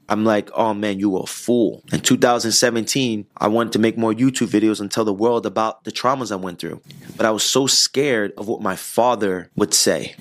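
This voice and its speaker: A man's voice: lowish voice, fairly bright tone. A man giving an earnest motivational monologue, repeating key lines for emphasis and stumbling now and then. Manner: occasional stumbles and restarts.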